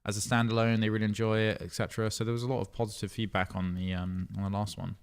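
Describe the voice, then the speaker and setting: A man's voice: fairly low pitch, level tone, fast talker, clean tone. A man co-hosting a casual studio podcast, teasing his co-hosts and leaning on fillers like "like" and "you know". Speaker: podcast co-host. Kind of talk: casual chat.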